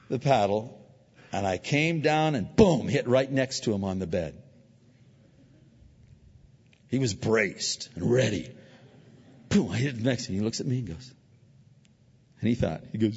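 Casting: male pastor mid-sermon, lively delivery, slightly husky, recorded with a long reverb in a church. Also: lowish voice, unhurried, pauses often. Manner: animated, acts out voices in anecdotes. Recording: dull lo-fi audio with long hall reverb.

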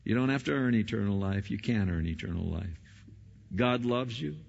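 Gravelly man preaching in a reverberant hall. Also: normal speed. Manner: swings between loud emphatic peaks and quiet low asides. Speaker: pastor. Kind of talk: sermon. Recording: dull, long-reverb hall sound.

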